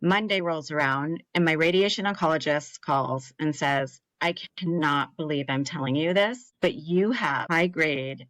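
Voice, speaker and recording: Woman in her thirties, a bit low-pitched, dry close sound; earnest storyteller who slips into quoted voices. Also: a little slow, hardly any pauses, a bit bright, no echo, poor audio. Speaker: podcast guest, cancer survivor. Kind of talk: personal storytelling in an interview.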